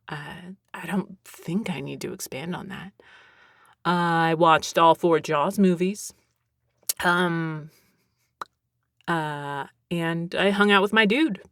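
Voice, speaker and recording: A young adult woman from Texas hosting a solo podcast, rambling with self-mocking asides, giggles and hushed whispered mutters. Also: fairly low pitch, dry recording, clean studio sound. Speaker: podcast host.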